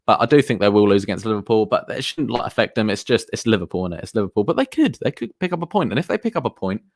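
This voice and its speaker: A man's voice: lowish voice, sing-song, very fast, no room sound. A man chatting casually on a live stream as a football streamer, rambling and answering viewers. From England.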